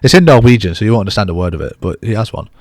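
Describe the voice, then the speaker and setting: A man's voice: lowish voice, lively intonation, rapid-fire, darkish tone, no echo. A man co-hosting a podcast, chatting casually in a bantering, self-deprecating way. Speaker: podcast co-host.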